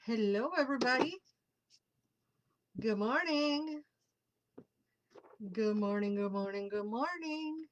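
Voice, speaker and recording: A woman's voice: on the high side, lively intonation, slow, long pauses, muffled recording. A woman whose first language is Spanish, hosting a live tarot show in casual chat, greeting viewers by name and dropping Spanish words into her English.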